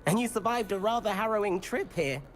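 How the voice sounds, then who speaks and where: A woman's voice: medium pitch, lively intonation, fairly quick, a little hiss or hum, close to an everyday voice. A woman voicing a mischievous young male student in a game, with a breezy, teasing manner.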